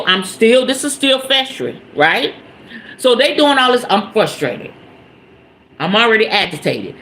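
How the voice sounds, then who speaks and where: An animated woman hosts a casual talk show and tells a story with plenty of emphasis, slang and the odd curse word. She keeps asking her listeners whether they follow her. Her voice sits at an ordinary middle pitch, with a faint hiss in the background. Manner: checks in with listeners often. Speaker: podcast host.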